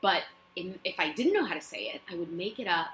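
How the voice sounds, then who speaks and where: A woman actress telling self-mocking stories in a casual interview in her apartment, quick to laugh. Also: on the low side, animated, a bit bright, a little hiss or hum. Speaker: guest actress. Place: her own apartment living room. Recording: echoey room.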